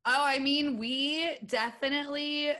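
A woman's voice: sits high, steady tone, unhurried, pushed and bright. A woman from Pennsylvania, a musician guesting on a podcast, chatting casually with lots of fillers.

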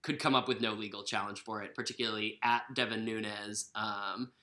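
A woman's voice: rumbling low, fairly even intonation, normal speed, pushed and bright. A young woman co-hosting a casual podcast, rambling through news with fillers and self-corrections. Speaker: podcast co-host. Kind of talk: casual chat.

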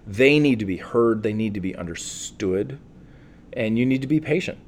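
Male counselor, interview guest, lowish voice, calm and earnest, thinks aloud with fillers. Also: normal speed, a little hiss or hum. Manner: calm, earnest, reflective, with many fillers and restarts. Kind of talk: interview answer.

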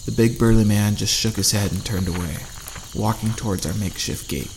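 A man narrating a first-person fantasy audiobook in a steady storytelling manner. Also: fairly low pitch, fairly quick, slight background noise.

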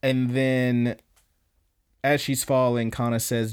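A young male podcast host walks through an anime episode in a casual, animated way, swearing freely. His voice sits at an ordinary middle pitch. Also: moderate pace, clear, resonant tone.

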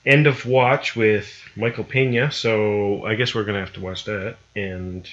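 Chatty bright-voiced man. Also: fairly low pitch, steady tone, measured pace, muffled recording. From Atlantic Canada. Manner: chatty, lists things off, drops into a put-on accent now and then. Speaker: podcast co-host. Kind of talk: casual chat.

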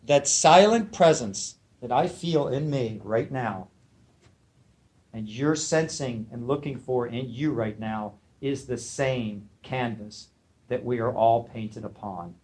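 A man's voice: mid-range voice, slow pace, darkish tone. Man telling a teaching story. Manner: storytelling, asks the listeners questions, acts out quotes. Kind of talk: spoken dharma talk to a small group.

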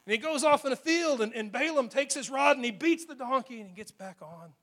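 A man preaching a sermon, retelling a Bible story in an animated, joking storyteller's way. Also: very high-pitched, a little fast. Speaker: pastor.

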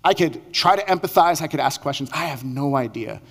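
A man's voice: a little high, animated, brisk, fairly bright tone. A male pastor giving a conversational sermon, acting out quoted lines as he speaks. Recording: long hall reverb.

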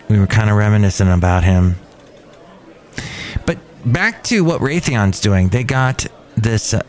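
A middle-aged man hosting his own daily podcast, chatting alone in a rambling, digressive way that often breaks off mid-thought. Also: lowish voice. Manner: rambling, digressive, self-interrupting. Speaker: podcast host. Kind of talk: casual solo podcast monologue.

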